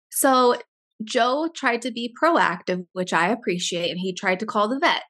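A woman's voice: a little high, normal speed, a bit bright. A young woman telling a story in casual chat, exasperated and swearing freely as she rants.

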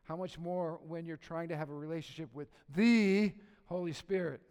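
A middle-aged male pastor preaching a conversational sermon, asking the congregation questions and joking, dropping to a hush and then rising to loud emphasis. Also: a little high, little pitch movement, brisk, clear, resonant tone. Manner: swings from soft and hushed to loud and emphatic. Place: church sanctuary. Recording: long reverb of a church hall.

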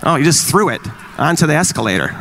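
A man in his forties doing live stand-up, his voice sitting a bit high for a man. He talks wryly, teases the crowd and slips into quick acted-out exchanges, with a faint hum of room noise behind him. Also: sing-song, vocal fry. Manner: wry, teasing, acts out quick voices. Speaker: stand-up comedian. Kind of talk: stand-up comedy with crowd work. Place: live venue with an audience.

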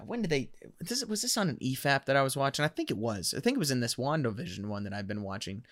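A man co-hosting a casual podcast, ranting in an animated way and laughing at his own frustrations. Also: mid-range voice, fast talker, no echo, clean studio sound. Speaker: podcast co-host.

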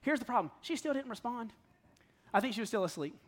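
A man's voice: very high-pitched, expressive, fast talker. A man in his thirties preaching in a conversational, self-deprecating way, telling stories and often laughing. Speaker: pastor. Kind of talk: conversational sermon.

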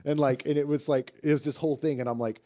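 A man talking as a guest author in a casual podcast chat, rambling and animated, with many fillers and restarts. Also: on the high side, quick pace.

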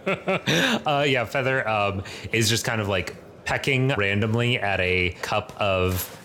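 A man's voice: on the low side, fairly even intonation, measured pace, bright, forceful tone, slight background noise. A man narrating a tabletop game as game master, rambling with lots of fillers.

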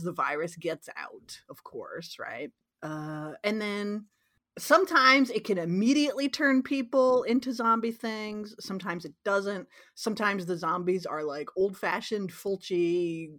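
A woman co-hosting a casual film podcast, recapping plots in a rambling, animated way with plenty of swearing. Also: medium pitch. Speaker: podcast co-host. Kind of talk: casual film-review chat.

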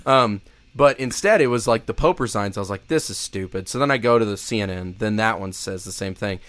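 A man with a slightly low voice co-hosts a podcast. He tells stories in a loose, casual way and fills his talk with "like". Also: a little fast, a bit bright, dry recording. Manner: casual storyteller, heavy on "like". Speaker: podcast co-host.

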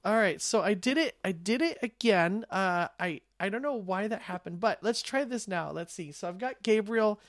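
A woman's voice: medium pitch, expressive, normal speed, hardly any pauses, no room sound, studio quality. Chatty woman co-hosting an online call. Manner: chatty, hesitant with fillers and restarts. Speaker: co-host demonstrating AI voice tools. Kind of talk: casual online meeting chat.

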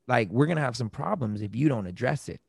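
Animated man acting out arguments. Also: mid-range voice, fast, vocal fry, husky, dry recording. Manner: animated, acts out quoted arguments in raised voices. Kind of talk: casual conversation about relationships.

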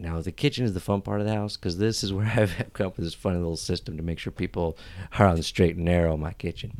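A man with a low voice tells a sprawling comic story on a podcast. He rambles and piles on filler words. He drops to a whisper or jumps to a shout to sell the jokes. The sound is close and dry, with no room around it. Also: no room sound. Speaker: podcast co-host. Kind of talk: comedic storytelling.

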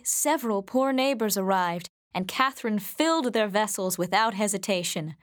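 A woman narrating a storybook in a gentle, measured way. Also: mid-range voice, no room sound, clean studio sound. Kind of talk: storybook reading.

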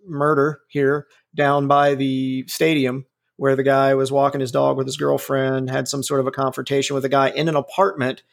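A man's voice: mid-range voice, level tone, normal speed, creaky. A man in his forties giving his opinions in casual talk, blunt and profane, rambling with frequent restarts. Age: 40s.

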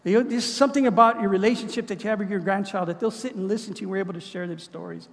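Middle-aged guy preaching, high voice, earnest, long reverb off the church walls. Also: very fast, gravelly. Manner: earnest, repeats words when building a point. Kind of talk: sermon.

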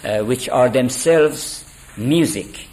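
A man giving a spoken lecture on poetry, deliberate and halting with many fillers. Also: mid-range voice, a little mellow. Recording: echoey room.

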